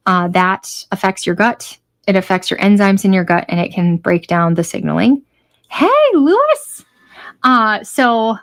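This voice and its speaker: A woman chatting casually on a live stream about her weight-loss journey, restless and repeating herself as she talks. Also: mid-range voice. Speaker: health vlogger hosting a live stream.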